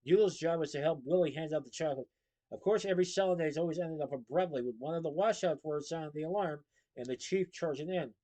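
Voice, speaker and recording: A man reads aloud from a children's novel in a somewhat high voice, fast yet steady and lively, in the manner of a bedtime chapter reading. The recording is rough.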